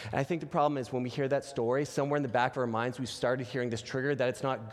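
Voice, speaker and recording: A man preaching a conversational Easter sermon, retelling stories and dropping soft and low when he quotes God. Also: lively intonation, a little fast. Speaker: pastor. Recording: long hall reverb.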